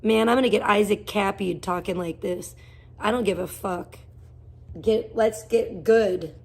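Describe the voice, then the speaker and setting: Husky-voiced woman ranting profanely. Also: medium pitch, a little slow. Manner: blunt, heavily profane, rambling rants; greets chat viewers by name mid-rant. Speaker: live streamer. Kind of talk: casual ranting livestream chat.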